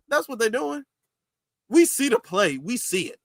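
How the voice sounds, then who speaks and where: A man's voice: high-pitched, lively intonation, moderate pace, fairly bright tone, dry recording, clean studio sound. A man hosting political commentary, reacting to news clips and mocking politicians with a sarcastic edge. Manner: sarcastic, mocks politicians in mimicking voices.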